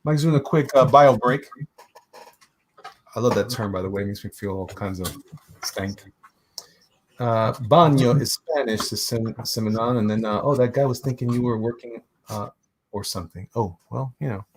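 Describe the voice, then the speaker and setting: A man co-hosting a casual livestream, joking and teasing in relaxed banter. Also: medium pitch, moderate pace, a little hiss or hum, rough recording. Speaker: livestream co-host.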